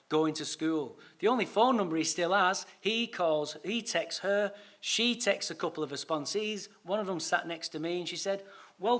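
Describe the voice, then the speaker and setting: A man giving a recovery talk at a conference, telling a story with lively acted-out dialogue and casual swearing. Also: high-pitched. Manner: animated, swearing, acts out his own dialogue. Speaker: recovery speaker.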